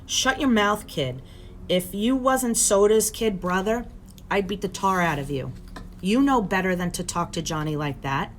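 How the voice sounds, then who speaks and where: A woman reading aloud, voicing a tough, protective teenage greaser boy in a lowered, rough delivery. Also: measured pace, a little hiss or hum, natural voice. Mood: stern.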